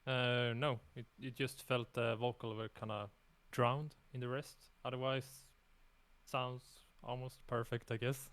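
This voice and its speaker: A man's voice: medium pitch, level tone, unhurried, a bit bright. A man co-hosting a livestream, giving brief, hesitant feedback on a track. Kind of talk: casual livestream chat.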